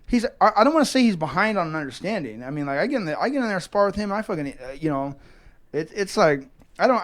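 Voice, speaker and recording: A man in his thirties from Northern California gives a documentary interview in a fairly high voice. He rambles and swears, restarting sentences and circling back on his own words as he works through his thoughts. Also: fairly bright tone. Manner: rambling, profane, many restarts and repeats. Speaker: professional fighter.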